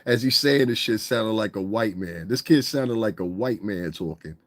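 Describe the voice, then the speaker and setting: Low-voiced, dry-sounding male podcaster. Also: moderate pace, no room sound. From United States. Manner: animated, swearing, mimics voices. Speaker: podcast host. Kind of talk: casual monologue.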